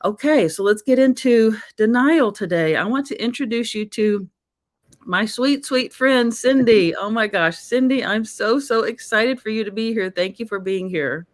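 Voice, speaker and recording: A woman's voice: a little high, normal speed. A woman hosting a live-streamed talk series, speaking in an effusive, emotional way and laughing often. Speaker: host. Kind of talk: casual live-stream chat.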